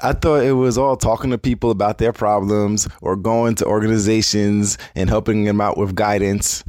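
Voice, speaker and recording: Man, low voice, reflective storyteller, dry close sound. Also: steady tone, normal speed, a little mellow, no room sound. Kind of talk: personal storytelling.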